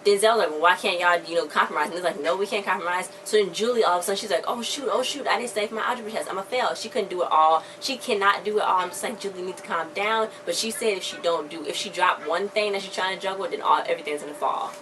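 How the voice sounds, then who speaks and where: A young woman recapping a TV episode in a casual, excitable, slangy way, often acting out the characters' lines. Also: medium pitch, racing, hardly any pauses. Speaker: vlogger reviewing a TV episode. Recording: a bit distant from the mic, faint background noise.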